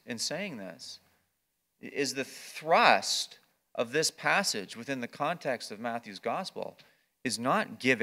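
Bright-voiced man preaching a sermon. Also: mid-range voice. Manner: earnest preaching with frequent word repeats; swings between quiet explaining and raised emphatic passages. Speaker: pastor. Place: church or campus ministry gathering.

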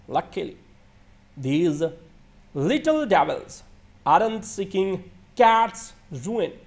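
High-voiced man reading a film review. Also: a little mellow. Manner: reads a written script with occasional stumbles and restarts. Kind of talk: read-aloud film review.

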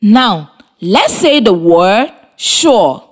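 A woman from Liberia teaching a primary lesson over the radio, with slow, clearly articulated, encouraging instruction to children. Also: medium pitch, big pitch swings. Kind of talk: slow scripted classroom instruction. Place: radio studio with students present.

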